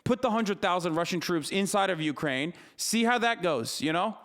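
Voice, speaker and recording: A man talks on a live stream in a fairly high voice. He rants with heat and swears often. He turns to answer his chat head-on. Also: lively intonation, moderate pace, fairly bright tone. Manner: heated, profane, argumentative. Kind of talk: live-stream political rant. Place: streaming studio.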